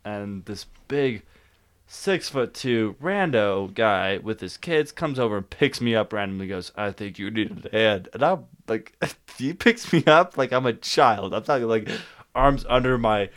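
A young man telling a story in casual podcast chat, laughing often and animated. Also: mid-range voice, unhurried. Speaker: podcast guest.

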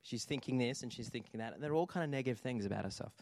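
A pastor preaches an animated, story-driven sermon at a racing pace, often calling out to check in with the congregation. His voice sits at an ordinary middle pitch. The sound is close and dry with little room echo.

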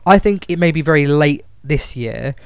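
A man's voice: a little high, lively intonation, moderate pace, clear, resonant tone, no room sound. A man co-hosting a podcast in casual chat, blunt and sweary, with lots of ums and restarts. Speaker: podcast co-host.

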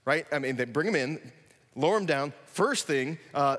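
A man preaching a sermon, animated, acting out scenes with sudden loud excited bursts. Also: on the high side, normal speed, in a large hall. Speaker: pastor.

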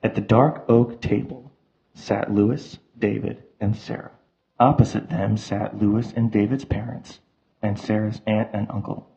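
Male narrator, low gravelly voice, very even delivery, slightly dull sound with faint music under it. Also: measured pace. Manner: steady, even reading. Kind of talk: audio drama narration.

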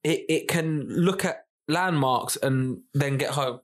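Male co-host, slightly higher voice, loose and jokey, stop-start delivery. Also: slow. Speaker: podcast co-host. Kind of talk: casual chat.

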